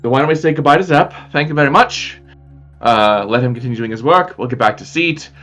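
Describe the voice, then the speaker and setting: A man's voice: mid-range voice, expressive, fast talker, a bit bright, lo-fi sound, faint music behind. Casual man steering his group. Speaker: player. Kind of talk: casual tabletop chat.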